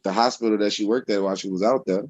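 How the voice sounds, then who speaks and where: A man from New Orleans with a New Orleans accent, chatting casually on a podcast and telling stories in relaxed slang. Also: on the low side, very fast, no room sound, lo-fi sound. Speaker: podcast co-host. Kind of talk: casual chat.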